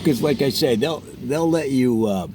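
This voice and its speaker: A man delivering a rambling, earnest comic monologue as a parody neighborhood vlogger, self-satisfied and deadpan. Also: medium pitch, moderate pace, slight background noise. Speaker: parody real estate vlogger.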